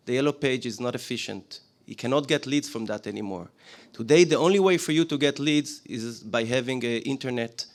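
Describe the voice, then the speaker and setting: A man in his forties with an Israeli accent gives a business pitch to a live audience, plain-spoken, questioning the room with frequent fillers. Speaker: business presenter.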